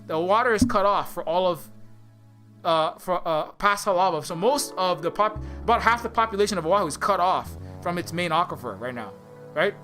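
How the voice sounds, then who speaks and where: Guy going off in an angry profane rant, high sharp voice, bit of music underneath. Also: expressive, normal speed. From Hawaii. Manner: angry profane ranting, sarcastic. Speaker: indie game developer. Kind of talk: casual rant.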